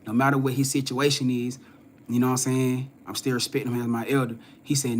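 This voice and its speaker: A young man tells a story to his viewers in a relaxed, conversational way, acting out the voices of the people in it. His voice sits at a middle pitch and moves between loud, lively moments and low, hushed ones. Faint noise sits under the recording. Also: brisk. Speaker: spiritual reader and host. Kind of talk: casual storytelling to a live audience.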